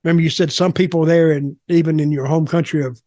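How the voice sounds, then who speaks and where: A man's voice: a little high, fairly even intonation, quick pace, mellow, dry recording, clean studio sound. An older man, telling rambling stories as a podcast host. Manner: rambling, repeats words as he talks. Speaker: podcast host, former wrestler. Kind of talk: casual storytelling.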